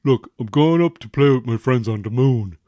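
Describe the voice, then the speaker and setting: A man's voice: medium pitch, moderate pace, warm tone, no room sound, studio quality, pitched above the performer's own voice, natural voice. A man voicing his imagined future son, a sulky sixteen-year-old boy embarrassed by his dad, in a whiny, dismissive and mocking tone.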